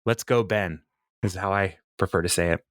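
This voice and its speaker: A man co-hosting a podcast, recapping a sitcom episode in casual, animated, opinionated chat. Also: sits low, normal speed, dry recording, clean studio sound.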